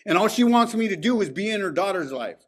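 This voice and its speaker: A man's voice: high-pitched, expressive, quick pace. A man sharing his recovery story at a meeting, candid and profane in a streetwise way. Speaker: speaker at a recovery alumni meeting. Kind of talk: personal recovery testimony.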